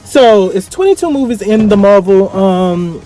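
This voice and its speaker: A young man with speech giving an effusive, dramatic casual vlog review, swinging from excited highs to quiet asides. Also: measured pace. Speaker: vlogger reviewing a film. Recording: faint music behind.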